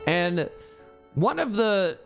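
Casting: young man, streamer, loose rambling chat, cusses freely, slightly high voice, faint music underneath. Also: big pitch swings, drawn-out words, gravelly. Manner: rambling, swears freely, many fillers. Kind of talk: casual chat while gaming.

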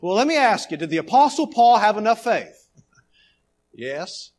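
Animated preaching man, high and lively. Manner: preaching with dramatic swings between loud emphasis and quiet, drawn-out phrases. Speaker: pastor. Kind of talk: sermon. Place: church sanctuary.

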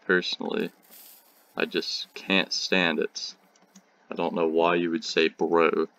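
A man's voice: low voice, monotone, slow, creaky, a bit bright, dull audio. A teenage boy hosting a gaming video, giving rambling, jokey commentary and talking back to enemies on screen. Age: teen. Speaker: gaming channel host. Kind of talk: casual gameplay commentary.

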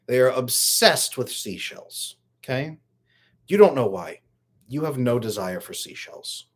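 A man coaching on relationships in a live stream, talking casually and greeting viewers from the chat by name. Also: medium pitch.

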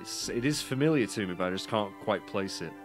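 A man's voice: on the low side, lively intonation, brisk. A British man casually commenting on a video game, reading the dialogue aloud and swearing. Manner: chatty, reads game text aloud in plain voice, swears, self-mocking. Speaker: let's play commentator. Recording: game music playing behind.

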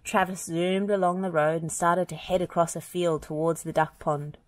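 A woman reading a children's picture book aloud in a gentle, expressive storytelling manner. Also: sits low, normal speed, no room sound. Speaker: storybook reader. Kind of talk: children's read-aloud narration.

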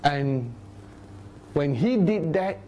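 Animated man teaching a Bible study. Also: drawn-out words, a little hiss or hum. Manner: animated, acts out crowd voices in a raised voice; drops to low, grave tones for solemn points.

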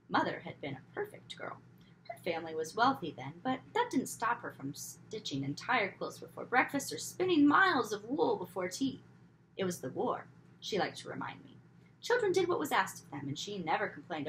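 A woman reading a novel aloud with expressive storytelling, often dropping to a whisper for asides. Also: on the low side, moderate pace, slight background noise, poor audio. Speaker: reader.

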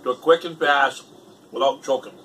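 A man's voice: medium pitch, steady tone, moderate pace, pushed and bright, a little hiss or hum. A man talking casually to the camera as a YouTuber, emphatic, repeating pleading warnings over and over. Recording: distant mic with faint music behind.

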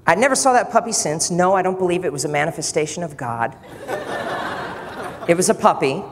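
A man preaching to a college chapel audience, telling stories in an animated, joking way. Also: sits high, brisk. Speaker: pastor speaking in a college chapel. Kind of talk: sermon. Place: chapel hall. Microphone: PA microphone. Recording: long reverb hall with faint noise.

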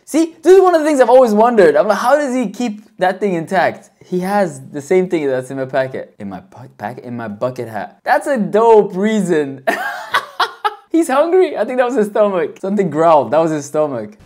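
A woman hosting a reaction video, talking casually in an excitable, slangy way and laughing often. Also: medium pitch, normal speed.

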